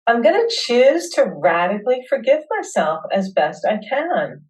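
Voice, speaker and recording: A woman hosting a webinar, leading listeners through a guided tapping session with slow, soothing affirmations. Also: fairly high pitch, very animated, a little mellow, distant mic, low-quality recording.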